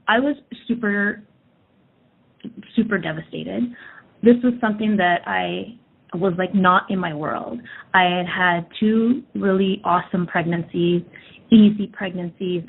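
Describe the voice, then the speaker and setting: A woman in her thirties telling a personal story in a candid, casual way with lots of fillers. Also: fairly low pitch. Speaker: energy work practitioner. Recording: tinny phone-like audio.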